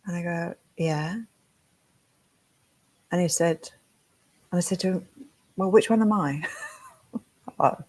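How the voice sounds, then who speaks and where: A woman from England, a hair design educator giving a motivational talk as an animated storyteller who acts out her own thoughts. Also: lowish voice, a little slow, pauses often.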